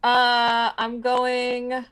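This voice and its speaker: A woman contestant making dry, quick-witted quips. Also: a little high, completely flat delivery, fairly bright tone, clean tone. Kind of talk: casual game banter.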